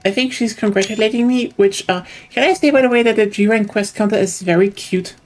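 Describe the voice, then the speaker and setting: A woman in a mid-pitched voice chats casually as a co-player on a game stream. She teases and jokes with her friend in a playful way. Soft game music runs in the background. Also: fairly quick. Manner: playful, teasing. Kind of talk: casual gaming chat.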